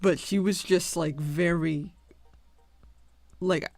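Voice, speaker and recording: A man's voice: a little high, normal speed, dry recording, studio quality. A man livestreaming, telling a rambling story in casual chat and laughing often. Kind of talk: casual chat while drawing.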